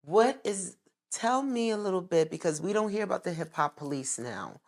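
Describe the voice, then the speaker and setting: A low-pitched woman from New York hosts a conversational interview. She poses careful, measured questions and keeps the talk going with quiet murmurs of agreement. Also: big pitch swings. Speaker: host.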